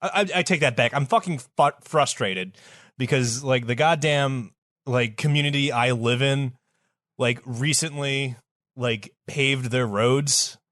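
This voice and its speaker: A man with a mid-range voice chatting on a podcast, throwing in wry remarks and quick exclamations. The sound is dry and up close. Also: medium pitch, a bit bright, no room sound. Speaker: podcast co-host. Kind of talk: casual chat.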